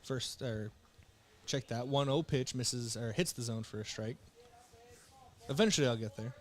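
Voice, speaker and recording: A young man from South Dakota calling baseball play-by-play with relaxed, joking banter between pitches while fighting the hiccups. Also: normal speed. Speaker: play-by-play announcer.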